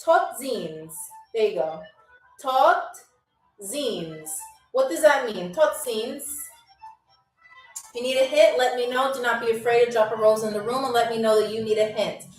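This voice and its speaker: An upbeat woman with a high voice hosts a live-streamed trivia game, chatting with her viewers and drawing out each word she teaches. She sounds a little distant from the mic in a roomy space. Faint music plays underneath. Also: normal speed. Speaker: livestream game show host.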